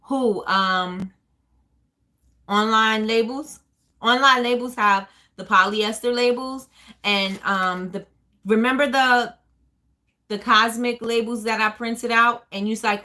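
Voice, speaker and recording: Woman host, casual live chat, rambling and chatty with lots of ums, bright tone. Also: fairly high pitch, steady tone, slow. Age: adult with a child. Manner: chatty, rambling, many fillers and restarts. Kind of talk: casual live chat answering viewer questions.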